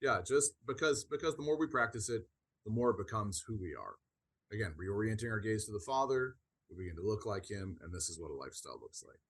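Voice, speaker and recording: Husky low-voiced man teaching theology. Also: very animated. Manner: earnest, halting explanations with many restarts. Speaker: podcast co-host.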